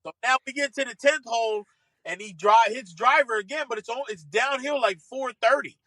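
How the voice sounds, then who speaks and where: Guest storyteller: man, high and bright, animated and quick to laugh, dry close sound. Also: no room sound. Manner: lively, acts out voices, laughs often.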